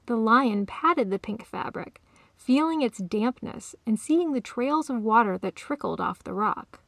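A woman author reads her own story in a calm, even narrating voice. Her tone is a little high, with noticeable vocal fry, recorded close and dry. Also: measured pace, dry recording.

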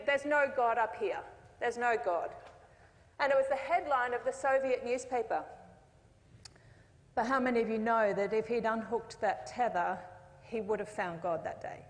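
Female preacher, slightly high voice, relaxed storytelling sermon in a church hall with echo. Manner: conversational storytelling with jokes and asides. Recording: long reverb of a hall.

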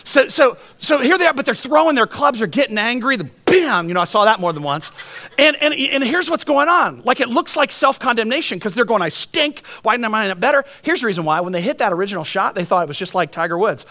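Playful, animated anecdotes fill this pastor's sermon. His delivery keeps snapping down into soft, earnest moments before picking up again.

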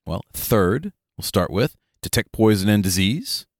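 Man, podcast co-host, low voice, dry close sound, casual joking chat. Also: very animated, vocal fry, no echo. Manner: joking, rambling, quick asides. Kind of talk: casual tabletop gaming chat.

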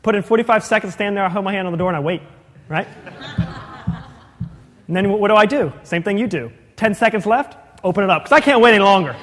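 High-voiced pastor, hall reverb. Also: male voice, fairly bright tone. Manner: conversational, asks the congregation questions, quick jokey asides. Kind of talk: sermon. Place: church sanctuary.

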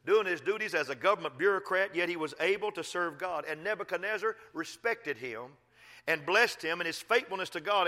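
Pastor, sermon delivery, folksy, bright timbre, swings between loud and hushed. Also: male voice, high voice. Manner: folksy and emphatic, swinging from loud exhortation to quiet asides.

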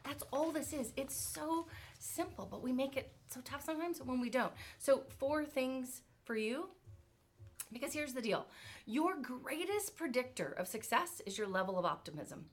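A woman giving an energetic motivational talk on leadership, firing off rhetorical questions. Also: high voice, normal speed. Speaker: motivational speaker. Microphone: virtual event talk.

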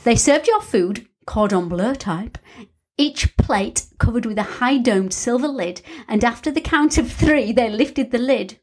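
A woman's voice: fairly high pitch, expressive, unhurried, darkish tone, a little hiss or hum. Dry British woman reading letters aloud. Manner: dry, matter-of-fact reader, keeps steering back to the text. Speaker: podcast co-host reading family letters.

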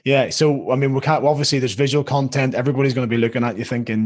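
A man's voice: mid-range voice, very fast. A man with a Northern Irish accent hosting a casual rugby chat, joking with his guests and filling gaps with ums. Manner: chatty and joking, with many fillers. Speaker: podcast host.

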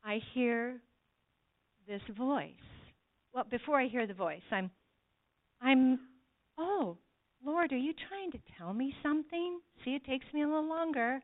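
A woman giving an earnest sermon testimony to a church congregation, speaking to them directly. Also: on the high side. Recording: tinny phone-like sound.

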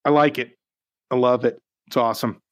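A man's voice: medium pitch, steady tone, normal speed, no echo. A man co-hosting a live tech news stream, chatty and upbeat with joking asides. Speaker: co-host of a VR news livestream. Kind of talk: casual livestream chat.

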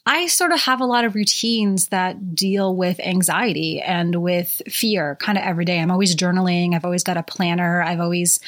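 A woman in her thirties hosting her own podcast, talking candidly and chattily, with casual swearing and plenty of fillers. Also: fairly low pitch. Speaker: podcast host. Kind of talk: casual solo podcast monologue.

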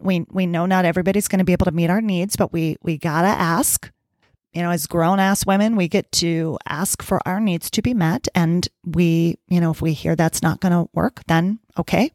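Woman coach, low-ish voice, casual chatty delivery, dry booth sound. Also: a little mellow, dry recording. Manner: chatty, playful, acts out inner voices. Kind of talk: casual podcast talk.

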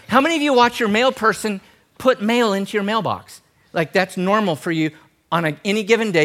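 Male pastor, higher register, lively jokey sermon delivery. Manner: animated, jokey, talks straight to the congregation.

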